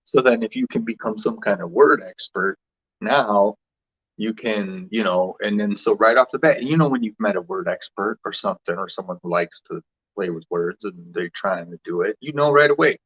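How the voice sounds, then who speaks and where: Rambling man with a low, dull-toned voice. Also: normal speed, a bit bright, breathy edge. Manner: loose, repetitive, restarts with fillers. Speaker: livestream host. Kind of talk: rambling casual livestream chat.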